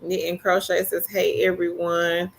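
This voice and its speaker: A woman's voice: fairly low pitch, level tone, a little slow, gravelly, a little hiss or hum. A woman co-hosting a casual livestream, greeting viewers and reading their comments aloud. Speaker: livestream co-host.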